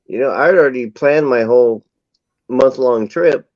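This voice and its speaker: A man's voice: medium pitch, moderate pace, a little mellow, no echo. A man telling a long rambling anecdote in casual chat. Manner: rambling anecdotal storytelling with acted quotes. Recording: dull lo-fi sound.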